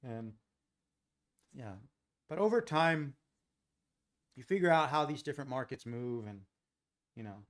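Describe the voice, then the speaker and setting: A man's voice: mid-range voice, lively intonation, a little slow, long pauses, a bit bright. American man chatting on a trading stream. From Los Angeles, USA. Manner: chatty, thinks aloud, talks to chat viewers. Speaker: live trading stream host. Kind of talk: casual live-stream commentary.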